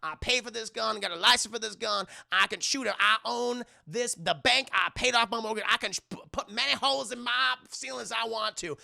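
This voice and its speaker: A man putting on a loud, bossy, short-tempered older woman who waves a gun around and shouts about her house. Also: high-pitched, fast, gravelly, full character voice. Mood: defiant.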